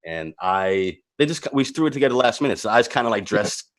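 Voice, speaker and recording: A man's voice: lowish voice, brisk. A man in his forties from New York, hosting a casual chat and telling a story with lots of laughter. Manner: animated, laughs often, jumps into quoted voices. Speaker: podcast host.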